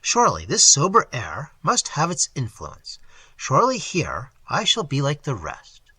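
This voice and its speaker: A man reading aloud and voicing a reckless, worldly young gentleman with a bold, sardonic manner. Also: a little high, wildly swooping pitch, measured pace, slightly rough, no room sound, full character voice.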